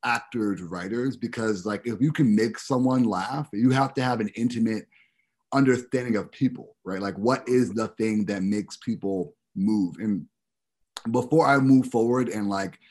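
A man hosting a podcast in casual chat, with a slight lisp from dental expanders and a halting, rambling way of asking questions. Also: fairly low pitch, a little mellow, slightly rough. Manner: rambling, halting with many restarts. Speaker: podcast host.

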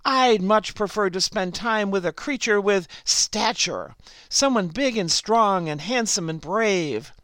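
A woman's voice: medium pitch, lively intonation, fairly bright tone, no room sound. A woman reading as a vain, boastful frog. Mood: scornful. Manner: slow storybook reading of the frog's lines. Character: vain boastful male frog craving attention.

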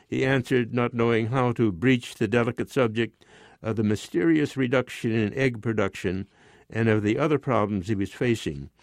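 A man reading a short story aloud in a measured, even narration. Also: medium pitch, no room sound, studio quality. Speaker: story reader. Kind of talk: scripted narration.

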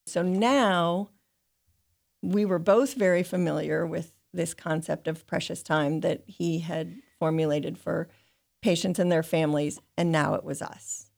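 An older woman reading from her own writing and answering questions, slow, measured and thoughtful. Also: lowish voice, fairly even intonation, gravelly, a little mellow. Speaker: guest reading from her memoir. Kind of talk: reflective reading and interview answers.

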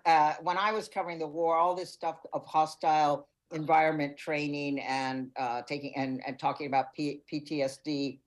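Older woman reporter talking it through slowly, thoughtful, hunts for words. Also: low-pitched, low-quality recording. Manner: reflective, searching for words. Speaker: foreign correspondent guest. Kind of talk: radio interview answers.

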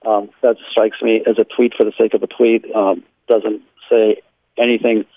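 A man's voice: fairly low pitch, little pitch movement, moderate pace, no echo. A man, a law professor, speaking frankly and bluntly as a radio interview guest from his home, with frequent ums and sarcastic asides. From Israel. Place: his home near Jerusalem. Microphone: phone line. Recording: tinny phone line.

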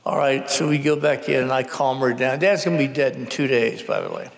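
A man's voice: medium pitch, very animated, brisk, creaky. A man in his sixties, a novelist, telling a wry, comic family story at a live public conversation. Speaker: novelist guest. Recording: reverberant hall at a live event.

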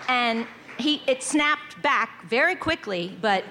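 Woman guest, unhurried storyteller, animated and laughing, light background noise. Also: on the high side. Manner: animated, laughs often, acts out quoted voices. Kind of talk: casual interview anecdotes.

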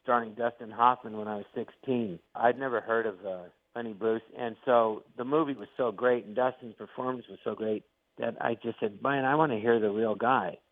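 A middle-aged male comedian and actor, guesting on a casual interview, is an animated storyteller who performs the quotes he relates. He speaks at normal speed in a mid-range voice. The phone line sounds tinny and dry, without echo.

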